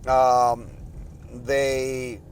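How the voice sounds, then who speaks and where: A man's voice: medium pitch, little pitch movement, extremely slow, smooth, low-quality recording. A man hosting a podcast, telling a long frustrated story in a casual, rambling way with many restarts. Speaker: podcast host.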